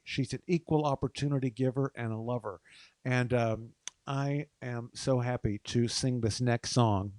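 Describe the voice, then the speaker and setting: A man from Texas hosting his own show, chatting casually between songs in an effusive, gushing way with lots of soft hesitations. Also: mid-range voice, steady tone, moderate pace, no room sound. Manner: soft-spoken with frequent hesitations. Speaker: show host and singer.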